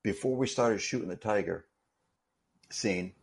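A man telling a story in casual conversation, animated and full of restarts. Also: on the low side, a little slow, creaky. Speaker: interview guest, stuntman.

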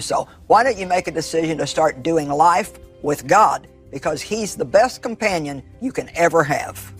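A man's voice: on the high side, gravelly, husky. A man hosting a ministry program, chatting with a guest and then presenting an offer. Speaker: TV ministry host. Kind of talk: casual chat and offer pitch.

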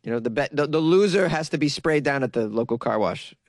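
A man's voice: medium pitch, lively intonation, a little fast, dry recording. A young man from Massachusetts with a Massachusetts accent, riffing sarcastically on an odd news story and laughing at his own jokes. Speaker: comedic news commentator.

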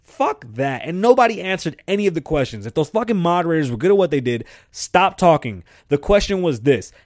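A man's voice: fairly high pitch, very animated, brisk, darkish tone, dry recording, studio quality. A man hosting his own show, ranting bluntly about politics and business in a profane, repetitive way. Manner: blunt, profane and repetitive, building to heated outbursts. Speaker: show host. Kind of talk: opinion rant monologue.

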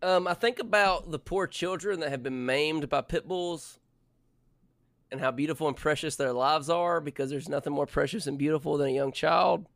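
A man with a gravelly, creaky voice set a bit high, co-hosting a casual podcast. He delivers mock-serious rants. The mic sound is dry and close, with no room echo. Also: moderate pace, fairly bright tone. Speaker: podcast co-host.

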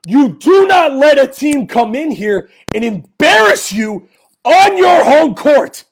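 Man, angry sports podcast host, high voice, swooping pitch, slow deliberate ranting, bursts of yelling. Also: sing-song. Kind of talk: heated fan rant.

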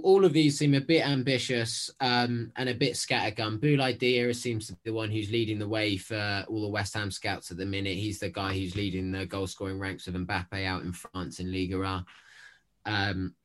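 A man's voice: on the low side, little pitch movement, normal speed, hardly any pauses. Podcast regular guy, rambles a bit, keeps saying i think. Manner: loose, repeats words, hedging. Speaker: podcast regular, transfer pundit. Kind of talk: casual football podcast chat.

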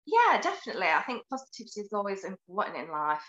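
A woman's voice: medium pitch, huge pitch swings, fast talker, fairly bright tone, roomy sound, muffled recording. A woman from the UK with a British accent, a guest on a podcast, talking cheerfully and casually. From United Kingdom. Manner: cheerful, upbeat, laughs easily. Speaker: guest, beauty YouTuber. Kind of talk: casual interview chat.

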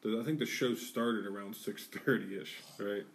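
A man's voice: lowish voice, a little slow, distant mic. A man co-hosting a podcast, telling a rowdy story in a casual way. He swears a lot and acts out what people said. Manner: animated, profane, acts out quotes. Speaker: podcast co-host.

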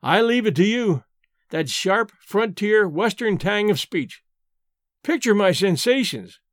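A man voices an old storyteller, earnest and a little solemn, reminiscing over his glass. The voice sits high for a man, recorded dry and close with no room around it. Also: lively intonation, unhurried, no room sound. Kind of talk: audiobook reading.

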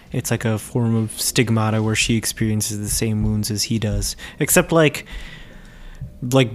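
A man co-hosting a podcast who chats casually, wry and teasing. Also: fairly low pitch. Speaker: podcast co-host. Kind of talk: casual chat.

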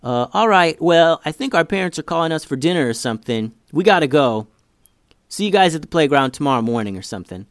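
A man voicing an eager, scheming young boy in a storybook reading, talking fast and persuasively. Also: a little high, expressive, no room sound, clean studio sound, voice pushed up.

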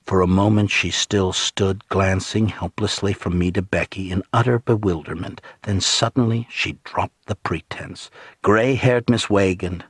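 Deep husky male audiobook narrator. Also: no echo, clean studio sound. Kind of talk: first-person audiobook narration.

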